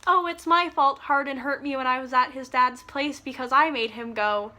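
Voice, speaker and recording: A woman's voice: sits high, moderate pace, bright, forceful tone. A woman voicing a whiny, self-blaming teenage girl in a mocking singsong.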